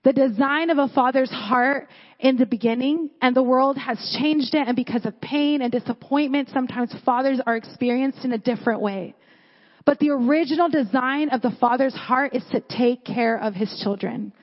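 A woman's voice: high voice, normal speed. A young woman from California giving a sermon at church, telling stories in a casual way full of "like". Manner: casual storytelling with many "like" fillers. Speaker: church speaker. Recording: echoey hall, dull lo-fi sound.

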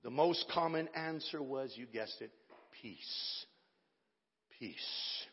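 A man's voice: fairly high pitch, moderate pace, slightly rough. A man preaching a sermon with impassioned, dramatic delivery, recorded in a church sanctuary with an echoey, dull lo-fi sound.

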